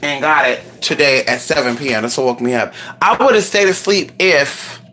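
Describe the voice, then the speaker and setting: A woman's voice: a bass voice, moderate pace, bright, forceful tone, slight background noise. A woman chatting casually with her viewers, sassy and exclamatory, and she swears freely. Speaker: vlogger. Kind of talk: casual live chat to viewers.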